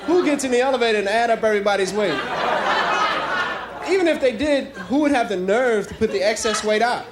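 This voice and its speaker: Young stand-up comic from New York. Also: male voice, high-pitched, animated, a little fast. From New York City. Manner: conversational joke telling with bursts of acted voices. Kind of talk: stand-up comedy set. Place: comedy club stage with a laughing audience. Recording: crowd laughter and noise.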